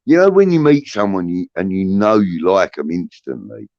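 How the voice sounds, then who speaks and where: A man's voice: lowish voice, animated, normal speed, vocal fry, a little mellow, no room sound, lo-fi sound. A man hosting a casual livestream, rambling with many restarts and swearing, reading out chat comments. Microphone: phone.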